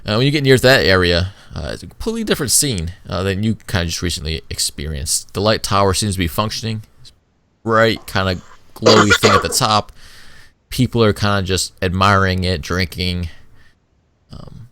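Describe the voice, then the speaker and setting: Low-voiced male game master, relaxed rambling narration, close dry mic. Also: normal speed, dry recording. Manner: relaxed, loose, full of fillers like "kinda".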